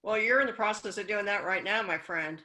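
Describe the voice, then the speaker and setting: A woman's voice: medium pitch, a little fast, bright, forceful tone, poor audio. A woman guest on a business podcast, talking frankly and encouragingly in casual conversation.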